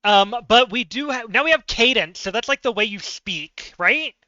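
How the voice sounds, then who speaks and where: A man with a high, piercing, very bright voice talks through word puzzles on a live stream, chatty and self-mocking as he thinks aloud. His voice comes out smooth and clean, close and dry, though the audio is a little dull and lo-fi. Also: lively intonation, moderate pace, no echo.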